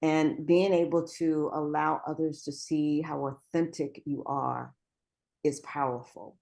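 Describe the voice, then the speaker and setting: A woman's voice: low-pitched, level tone, a little slow, creaky, darkish tone. A woman guest speaker giving an earnest, encouraging motivational talk.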